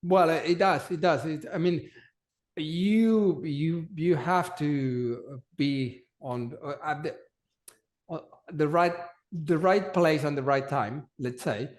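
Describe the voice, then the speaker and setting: This man, a guest representing a polar travel company, responds to interview questions in a fairly high voice. His delivery is slow and halting, and he tends to repeat words as he gropes for the next phrase.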